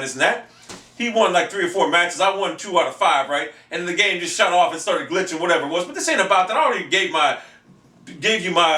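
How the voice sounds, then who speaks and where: A man ranting in a video blog, profane and rambling, who breaks into shouts, recorded in a back room of his house. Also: sits high, recorded from a distance. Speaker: video game vlogger. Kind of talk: profane game-console rant. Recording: echoey room, voice off-mic.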